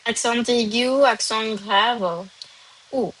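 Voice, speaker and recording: Slow-speaking woman teaching French online. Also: on the high side, fairly bright tone, husky, poor audio. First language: not French. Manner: unhurried, mixes English and French, calls on students from chat. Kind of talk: live online doubt-solving class.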